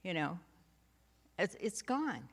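A church speaker relates her faith testimony, taking her time and keeping it homey and unhurried, with light laughter and asides throughout. Her fairly low, slightly rough voice is very animated and echoes with a long reverb, as if in a big hall.

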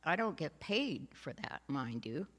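A woman gives her faith testimony, telling her story slowly and taking her time. She talks in a homey, unhurried way, with light laughs and asides mixed in. Her voice rings out with a long reverb, as in a large hall. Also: low voice, sing-song, fairly bright tone. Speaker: church speaker giving a testimony.

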